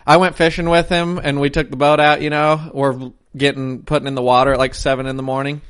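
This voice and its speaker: A man's voice: mid-range voice, flat delivery, fairly quick, fairly bright tone, clean tone. A man co-hosting a podcast, telling rambling, profane stories in casual chat. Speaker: podcast co-host.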